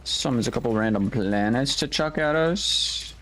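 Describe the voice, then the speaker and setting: A man giving relaxed, unbothered commentary while playing a video game. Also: mid-range voice, normal speed. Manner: laid-back, unbothered remarks while playing. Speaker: gaming channel host. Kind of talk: casual gameplay commentary.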